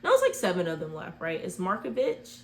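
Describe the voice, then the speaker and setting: A woman's voice: on the low side, huge pitch swings, a little fast, a little hiss or hum. A woman casually retelling a movie plot in a rambling way, full of "like" fillers. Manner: rambling, heavy use of "like" fillers.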